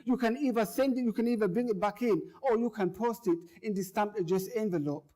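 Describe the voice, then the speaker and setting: A man's voice: high voice, a little fast, dark tone, close to an everyday voice. A man voicing an impatient, brusque female office clerk who dismisses questions curtly. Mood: dismissive. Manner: curt, dismissive, repeats refusals.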